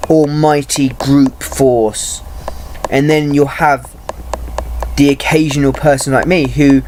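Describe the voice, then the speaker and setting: A man talking in a personal vlog, halting and searching for words, restarting often and swearing freely. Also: mid-range voice, a little hiss or hum. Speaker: vlogger.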